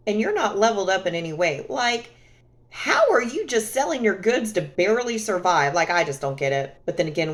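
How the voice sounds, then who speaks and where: A woman vlogging to camera in a sassy, emphatic monologue. She leans hard on her words and keeps calling the listener honey. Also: lowish voice.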